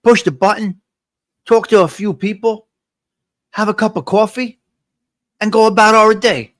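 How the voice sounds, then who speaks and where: A man's voice: high voice, a little slow, no echo. A man hosting a live morning coffee chat, talking straight to his viewers in a motivational, repetitive way and reading out their comments. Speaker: livestream host.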